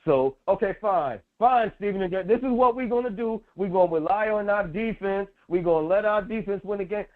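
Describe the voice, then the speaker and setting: A man co-hosting a sports talk show, loud and emphatic, repeating phrases for effect. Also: high-pitched, fairly quick, few pauses. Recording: tinny phone-like audio.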